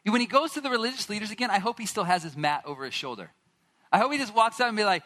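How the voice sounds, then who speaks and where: A man preaching a sermon, retelling a Bible story with animated asides and acted-out lines from its characters. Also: high voice, fast talker. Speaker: pastor.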